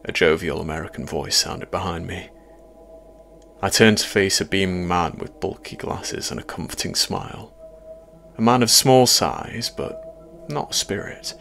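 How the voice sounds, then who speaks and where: A man narrating a first-person horror story in a measured, quietly ominous way. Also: sits low, vocal fry, a little hiss or hum.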